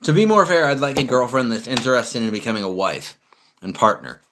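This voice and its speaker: A man's voice: medium pitch, animated, fairly quick, fairly bright tone, a little hiss or hum. A young man, chatting bluntly and profanely as he answers his livestream comments. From United States. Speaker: live streamer. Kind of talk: casual livestream chat reading comments.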